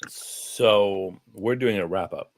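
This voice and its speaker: A man's voice: lowish voice, takes it slowly, slight background noise. A man hosting a casual chat, laid-back and swearing casually. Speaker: host.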